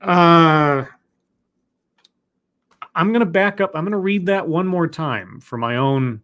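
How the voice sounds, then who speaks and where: A man's voice: on the high side, takes it slowly, fairly bright tone. A man reading an essay aloud on a live stream, stopping often to question it with dry, sardonic remarks.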